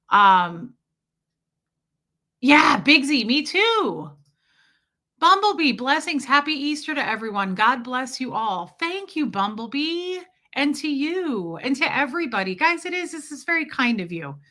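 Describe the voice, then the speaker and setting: A woman's voice: medium pitch, sharp tone. A woman in her forties hosting a casual livestream, rambling and chatty as she thanks viewers by name. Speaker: livestream host reading chat.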